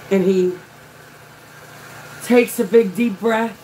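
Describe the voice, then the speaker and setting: A woman, a softball coach, telling a chatty story while she works on a craft project, talking in an animated way and saying "y'all". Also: medium pitch, slow, pauses often, a little hiss or hum, low-quality recording.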